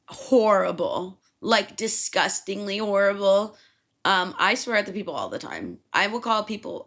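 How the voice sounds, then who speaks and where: A young woman from Chicago hosts a casual solo podcast and rants in a profane, storytelling style. Her pitch swings widely, rising high and dropping low within a sentence. She sounds loose and unscripted. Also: fairly bright tone. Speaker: podcast host.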